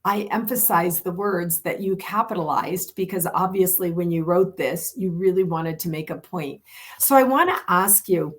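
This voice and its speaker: Earnest woman podcast host, lowish voice. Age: older. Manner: earnest, emphatic, slows down to read aloud. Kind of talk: warm reflective podcast conversation.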